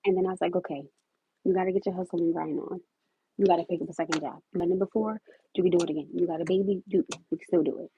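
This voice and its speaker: A young woman with a husky voice, chatty and heartfelt, telling personal stories on a casual livestream, laughing loudly at times. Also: on the low side, fairly even intonation, quick pace, a little hiss or hum. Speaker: livestream host. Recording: thin phone-like audio.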